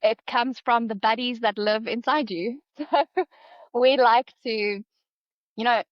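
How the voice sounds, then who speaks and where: A woman's voice: fairly high pitch, fairly even intonation, takes it slowly, dry recording, highs cut off. South African woman explaining, friendly. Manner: friendly, explanatory, laughs easily. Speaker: guest, dietitian. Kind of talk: podcast interview.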